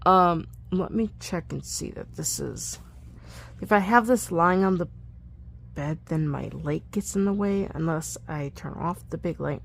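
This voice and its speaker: Slow, soft-spoken woman practicing aloud. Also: low voice, gravelly, slight background noise. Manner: slow, thinking aloud, self-correcting, soft asides. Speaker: Latin learner recording her practice. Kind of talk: casual self-recorded recitation practice. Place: bedroom at home.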